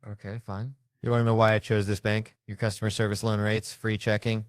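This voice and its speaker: A man on a comedy stage, ranting through his stories with profane, exasperated energy and sudden jumps in intensity. His voice sits on the low side and sounds close and dry, with no room around it. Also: fairly even intonation, a little fast, hardly any pauses, no room sound. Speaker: stand-up comedian. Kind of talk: stand-up storytelling.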